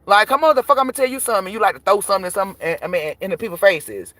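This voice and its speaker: A woman's voice: medium pitch, animated, very fast, a bit bright. Woman ranting on her stream, cussing a lot, preachy, no room echo at all. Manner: blunt, profane, preachy advice. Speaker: tarot reader streaming to viewers. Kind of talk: live-stream rant to viewers.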